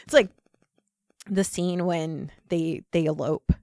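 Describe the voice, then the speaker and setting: Brief: young woman, podcast guest, animated storyteller, filler-heavy, dry close mic. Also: low voice, slow, no room sound. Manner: animated storyteller, acts out quotes in voices; many fillers like "like" and "you know". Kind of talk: casual chat.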